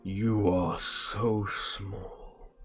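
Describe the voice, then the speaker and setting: A man voicing a huge, proud stone giant who speaks slowly and talks down to people. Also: fairly low pitch, fairly even intonation, fairly bright tone, soft background music. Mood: haughty booming.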